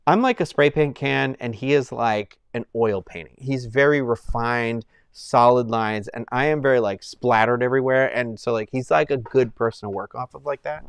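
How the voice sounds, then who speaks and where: A man's voice: medium pitch, normal speed, hardly any pauses, clean tone, no echo. A young man chatting casually to viewers on a live stream, rambling and heartfelt, with many fillers and restarts.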